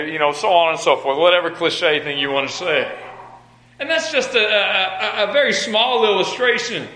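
An emphatic male preacher drives his sermon with repeated phrases and stammering restarts. His voice is bright and pitched high for a man, and it rings through a roomy, echoey space. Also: moderate pace.

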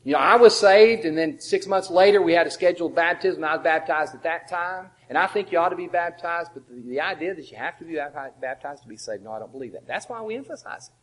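Emphatic male preacher, higher voice. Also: fast, hardly any pauses, rough recording. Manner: emphatic, rhetorical questions with strong swings in loudness. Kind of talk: sermon.

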